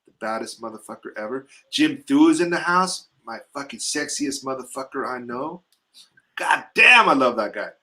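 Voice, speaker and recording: A man hosting a casual live stream, rambling through loose, profane shout-outs and sounding a little stuffy from allergies. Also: medium pitch, normal speed, few pauses. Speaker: host.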